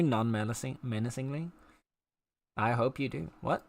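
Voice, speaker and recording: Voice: medium pitch, slow, vocal fry, dry recording. A game streamer chatting casually with viewers while playing, playful and teasing. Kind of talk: casual live-stream chat while gaming.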